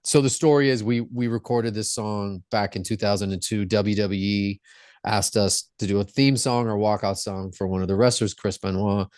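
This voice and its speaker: Earnest and reflective, a rock singer who is a podcast guest tells stories casually in an interview, his voice on the low side, steady, a little mellow and at normal speed. The recording is dry and of studio quality.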